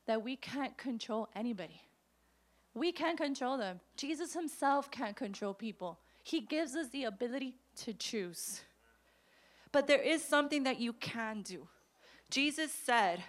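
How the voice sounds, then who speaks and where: A woman in the pulpit, preaching and telling her own story with lots of acted-out quotes. Her voice sits a little above the usual for a woman, and she runs it up and down as she goes. She keeps the tone personal and direct with the congregation. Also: fairly high pitch. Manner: personal testimony told with quoted voices, animated. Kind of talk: sermon.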